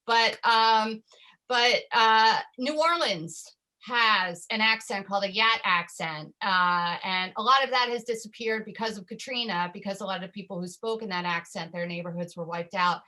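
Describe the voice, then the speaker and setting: A woman's voice: medium pitch, normal speed, sharp tone, poor audio. A woman filmmaker on a panel discussion, talking from home over a video call, chatty and prone to tangents. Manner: talkative, digressive.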